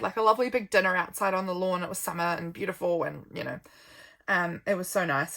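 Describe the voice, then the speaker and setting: A woman's voice: medium pitch, a bit bright. A young woman who chats casually through her journal, rambling a little and yawning often because she is tired. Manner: rambling, friendly, stops for frequent yawns. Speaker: vlogger.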